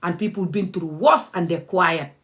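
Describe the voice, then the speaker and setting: A woman's voice: on the low side, normal speed, a bit bright. Indignant woman vlogging. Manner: emphatic, repetitive, indignant. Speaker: activist vlogger. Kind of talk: impassioned video monologue.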